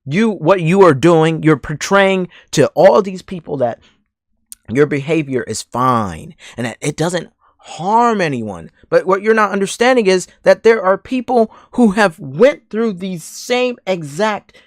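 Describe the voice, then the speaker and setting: High, animated man ranting angrily. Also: a little slow, no room sound, clean studio sound. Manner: heated, profane, repetitive. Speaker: commentary channel host. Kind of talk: angry call-out rant.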